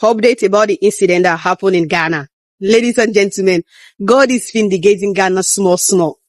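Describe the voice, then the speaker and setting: A man giving animated commentary, mixing in Pidgin as he rants. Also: high-pitched, a little fast, no echo. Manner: emphatic, animated, Pidgin-mixed ranting. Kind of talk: commentary video.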